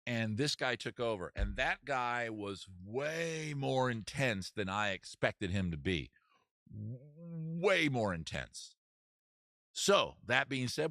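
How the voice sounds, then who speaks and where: Brief: man, comedy stream host, lively and animated pitch, bright tone, rambling and self-mocking. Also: no echo, studio quality. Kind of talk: comedy livestream chat.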